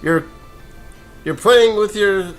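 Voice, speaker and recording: A man's voice: high voice, takes it slowly, faint music behind. A man giving casual, rambling commentary while playing a video game, sleepy and yawning, chuckling and restarting his sentences. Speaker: let's play gamer.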